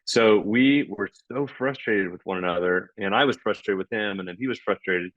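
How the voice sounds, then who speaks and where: Low-voiced man, animated podcast guest. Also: normal speed, no echo, muffled recording. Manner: animated, acts out dialogue. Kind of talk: conversational explanation.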